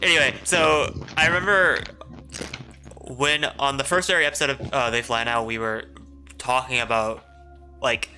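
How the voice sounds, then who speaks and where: A man co-hosting a casual fan podcast, earnest and a bit repetitive. His voice is strikingly bright and sits at a middle pitch, with faint music behind it. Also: fairly even intonation, normal speed. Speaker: podcast co-host.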